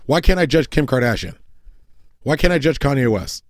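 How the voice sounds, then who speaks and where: A man's voice: medium pitch, lively intonation, a little fast, no room sound, studio quality. Rambling, profane podcast co-host, a man. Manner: rambling, profane, laughs often. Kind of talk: crude comedic banter.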